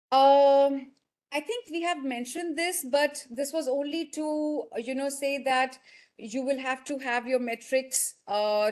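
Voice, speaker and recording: A woman's voice: a little high, darkish tone. Indian woman presenting, full of fillers. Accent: Indian English. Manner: hesitant, many fillers and restarts. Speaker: webinar presenter. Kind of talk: presenting on a video call. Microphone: video call.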